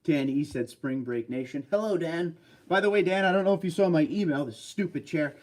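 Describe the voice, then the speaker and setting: A livestream host talks briskly in a fairly high voice, sitting in a desk chair at home and chattily reading out viewer comments before answering them.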